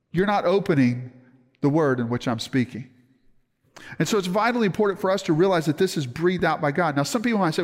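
A man preaching a sermon with earnest emphasis, slowing down to stress key words. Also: high voice, expressive, big-room sound. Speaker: pastor.

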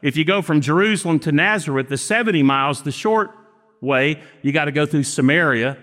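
A middle-aged preacher with a fairly high voice delivers his sermon in a church, his words trailing off into a long reverb. He slows down for emphasis and acts out the dialogue in his stories. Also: a bit bright. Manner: storytelling with acted-out dialogue, slow emphatic phrasing.

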